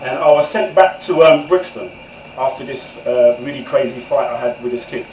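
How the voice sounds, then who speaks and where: This Englishman in his forties, a guest author, shares his life story with an audience in an echoey event room, captured far from the mic over slight background noise. His medium-pitched voice is a little mellow and fairly even at normal speed, and his candid, chatty delivery often turns straight to the listeners.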